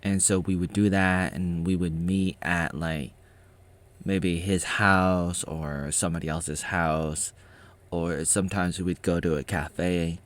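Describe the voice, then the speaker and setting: A man's voice: low-pitched, fairly even intonation, slow. A man giving casual, rambling reaction commentary on his own old footage, often restarting his sentences.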